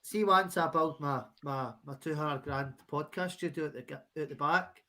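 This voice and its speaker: A man's voice: a little high, pushed and bright. A Scottish man chatting on a football podcast, swearing freely and stumbling over restarts. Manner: sweary, halting with many restarts. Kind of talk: casual post-match chat.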